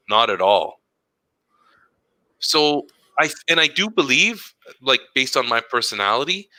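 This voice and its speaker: Bright-voiced male educator telling stories. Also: lowish voice, no echo, rough recording. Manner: animated storytelling, acts out quoted dialogue. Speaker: podcast co-host, educator. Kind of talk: casual chat.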